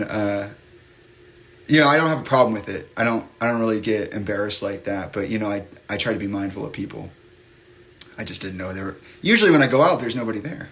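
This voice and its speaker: A man's voice: on the low side, a bit bright. A man hosting a livestream, chatting openly with his viewers in a rambling way full of fillers and restarts. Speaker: livestream host. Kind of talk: candid chat with live viewers.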